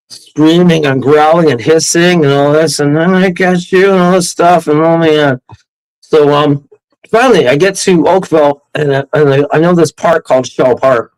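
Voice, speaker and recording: Animated storytelling male guest. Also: on the high side, rough recording. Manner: animated, laughs often, acts out quotes. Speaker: podcast guest. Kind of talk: casual storytelling.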